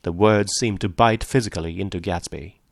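Male narrator, audiobook reading, measured, gravelly, dry. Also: low voice, dry recording.

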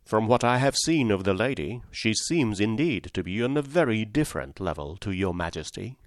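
Brief: a cool, clipped storybook detective, read by a man in a low voice. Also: lively intonation, moderate pace, no room sound, clean studio sound, close to an everyday voice. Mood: cold. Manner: cold, clipped. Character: cool, reserved male detective.

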